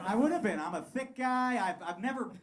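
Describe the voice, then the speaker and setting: A man in his thirties doing a crude, animated stand-up set on a comedy club stage, laughing through his punchlines. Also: very high voice. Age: 30s. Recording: live club recording, crowd and room noise.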